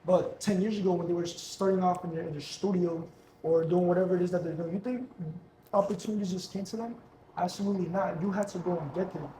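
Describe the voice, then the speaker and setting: A man's voice: high-pitched, fairly even intonation, fast talker, dark tone, echoey room, slight background noise, low-quality recording. A young man, a guest entrepreneur, talking casually and earnestly about hustle and faith, repeating himself for emphasis. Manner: earnest, repetitive, slangy pep talk. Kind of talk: casual motivational talk.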